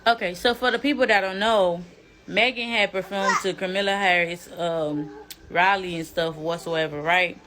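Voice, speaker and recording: A woman's voice: on the low side, steady tone, normal speed, background noise. A woman giving a blunt, exasperated casual rant straight to camera. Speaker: social media commentator.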